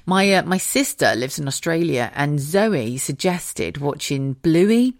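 A woman's voice: low-pitched, animated, unhurried, dry recording, studio quality. A young mother chatting casually, laughing often and swearing freely. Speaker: podcast host, parent. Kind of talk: casual chat.

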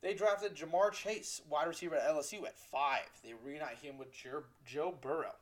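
A man's voice: fairly high pitch, moderate pace. Young guy doing a solo football podcast, loose and rambly, trips over words and swears a lot. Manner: rambling, self-correcting, swears freely. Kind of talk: casual sports podcast chat.

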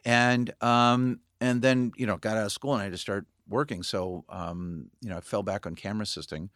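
A man's voice: lowish voice, fairly quick, dry recording, clean studio sound. A middle-aged man, a cinematographer and filmmaker, telling stories in casual conversation, humming tunes and imitating people. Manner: lively anecdotes, hums tunes and imitates people.

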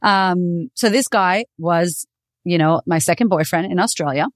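A woman podcast host with a lower voice tells her own story in a candid, animated way. Her speech is close to the mic with a dry sound and no room echo. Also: a little slow. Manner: candid, animated, swears freely. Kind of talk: personal storytelling monologue.

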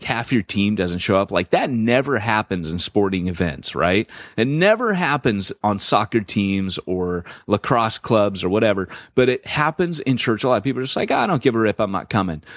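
Middle-aged male podcast co-host, low voice, dry close sound, slangy animated storyteller. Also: dry recording. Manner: animated, slangy, lots of fillers. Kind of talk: casual storytelling chat.

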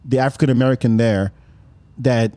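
A man's voice: mid-range voice, fairly even intonation, fairly quick, mellow, no echo. A man from France, hosting a casual live podcast, playful and teasing, swearing freely. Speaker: podcast host.

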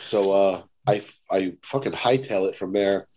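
A man telling a story in a casual chat, animated and laughing often, quoting people. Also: low-pitched, normal speed. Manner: animated, laughing, quotes people in put-on voices. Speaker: podcast guest.

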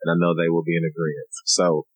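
A man co-hosting a podcast, speaking in a calm, agreeable, measured way. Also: deep voice, no room sound, rough recording. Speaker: podcast co-host. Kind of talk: casual podcast chat.

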